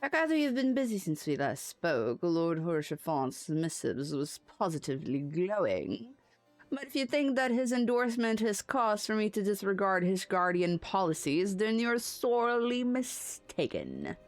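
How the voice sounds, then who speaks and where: A woman's voice: medium pitch, sing-song, normal speed, no room sound, faint music behind, natural voice. A woman playing a stern knight commander. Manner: curt, lecturing.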